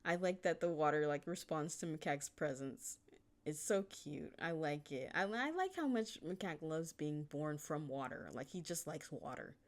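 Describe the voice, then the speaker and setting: Low-voiced woman chatting casually. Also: big pitch swings, normal speed. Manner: chatty, rambling, laughs often, swears casually. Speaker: fan fiction author. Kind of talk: casual chapter discussion.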